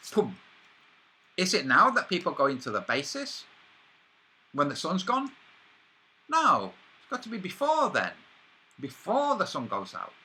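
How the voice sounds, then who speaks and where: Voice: mid-range voice, bright, forceful tone, a little hiss or hum. A speaker, rambling through a speculative monologue with frequent restarts and asides.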